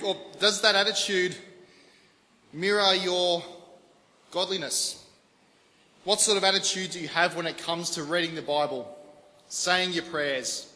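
A man giving a lively, conversational sermon to a congregation. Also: a little high. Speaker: preacher. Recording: long hall reverb, faint background noise.

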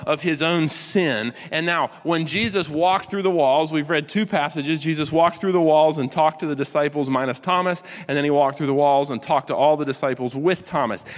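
Storytelling preacher in a reverberant hall. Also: male voice, fairly high pitch. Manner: conversational storytelling preacher, acts out quotes softly. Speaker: pastor. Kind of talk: sermon.

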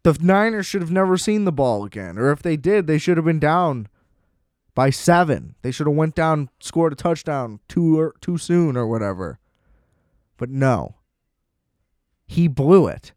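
A man's voice: fairly high pitch, lively intonation, measured pace, a little mellow, no echo. Man, casual solo sports rant, profane and sarcastic, clean dry voice. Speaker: sports commentator.

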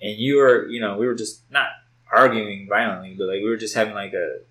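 A man's voice: on the low side, steady tone, a little fast, sharp tone, rough recording. A man in casual podcast chat, telling a story loosely and with swearing, recorded at home on a test mic. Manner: loose, profane storytelling with lots of "like". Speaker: podcast co-host.

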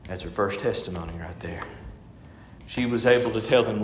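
A man's voice: medium pitch, a little fast, slight background noise. A man preaching a sermon in a conversational way, stopping to act out the voices of people he quotes. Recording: echoey hall with long reverb.

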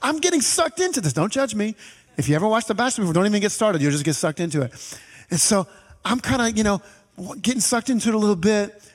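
A man preaching a sermon as pastor, animated and conversational, with asides to the congregation. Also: sits high, quick pace. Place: church sanctuary. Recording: reverberant hall with faint music.

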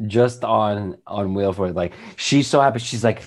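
A young man with a somewhat low voice co-hosts a podcast in casual chat. He gets excited and repeats his points for emphasis. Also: normal speed. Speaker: podcast co-host.

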